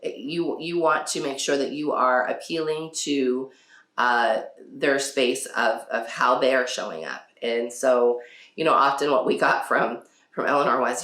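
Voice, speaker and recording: A woman's voice: a bass voice, measured pace, fairly bright tone. A woman hosting a casual parenting talk. She laughs often and acts out quotes from her children. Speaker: podcast host. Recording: echoey room.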